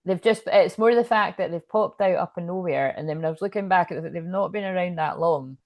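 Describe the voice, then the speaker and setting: A woman's voice: lowish voice, a little fast, a little mellow, dry recording, clean studio sound. A woman, talking casually about spirituality in a rambling, frank way, swearing freely and full of fillers and restarts. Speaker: spiritual channel and tarot reader. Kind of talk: casual spiritual livestream talk.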